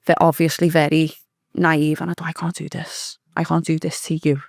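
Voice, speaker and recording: Gravelly-voiced woman telling a tale. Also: low voice, normal speed, dry recording, studio quality. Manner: swearing, animated, acts out quoted speech. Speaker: podcast guest. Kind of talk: storytelling in casual chat.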